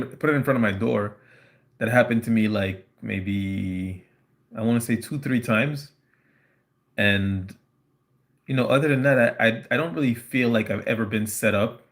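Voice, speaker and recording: A man on a casual live stream, telling a personal story in a halting way, full of fillers and restarts. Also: lowish voice.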